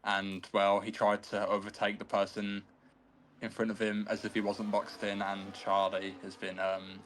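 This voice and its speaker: A man's voice: lowish voice, normal speed, a little hiss or hum. A man co-commentating an online sim race, chatting about the driving and checking viewer chat. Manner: steady, chatty co-commentator who reads the chat.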